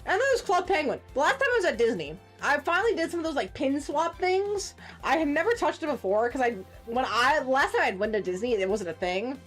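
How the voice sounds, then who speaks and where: A woman in her forties streaming a game, chatting casually and ranting with profane, animated outbursts. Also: sits high, brisk, few pauses, soft background music. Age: 40s. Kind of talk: casual gaming stream chat.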